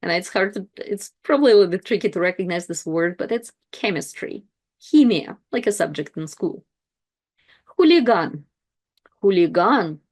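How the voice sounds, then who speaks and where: A woman teaching pronunciation, saying each word twice slowly and clearly before explaining it in plain words. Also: fairly low pitch, darkish tone. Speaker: language teacher. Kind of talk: slow pronunciation lesson.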